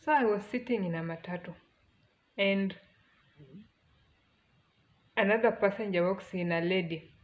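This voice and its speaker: A woman's voice: medium pitch, a little slow, pauses often, dull audio. A woman with a Kenyan accent telling a personal story, earnest and emotional, often restarting her sentences. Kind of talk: casual storytelling.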